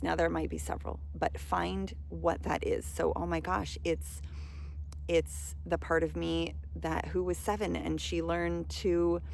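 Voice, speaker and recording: A woman with a lowish, gravelly voice works as a spiritual self-love coach, giving listeners a casual motivational talk over a little hiss or hum. She's earnest, says "like" a lot, and builds up to loud, emphatic urging.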